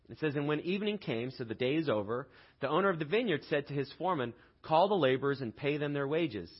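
A man gives a sermon in an easy, conversational way, asking his listeners to picture the scene. His voice is somewhat husky. The recording sounds dull and lo-fi. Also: medium pitch. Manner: conversational storytelling, rhetorical questions. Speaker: pastor.

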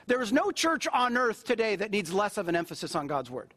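A man's voice: high-pitched, sing-song, fairly quick, a bit bright. A middle-aged man, a pastor, preaching a sermon in a conversational way and repeating phrases for emphasis.

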